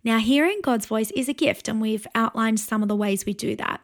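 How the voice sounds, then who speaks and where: A woman pastor in her forties giving an earnest, encouraging teaching sermon, pausing to invite listeners to pray. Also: on the high side.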